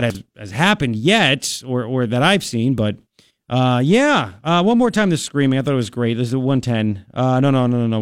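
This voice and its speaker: A man's voice: mid-range voice, smooth, no room sound, studio quality. A man hosting a talk show, casually and sarcastically commenting on clips he plays, laughing often.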